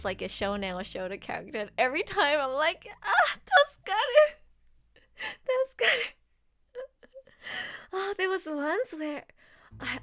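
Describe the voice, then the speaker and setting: A woman's voice: on the high side, bright, forceful tone. Giggly, gushing woman streamer. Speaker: streamer and voice actress. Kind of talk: casual livestream chat.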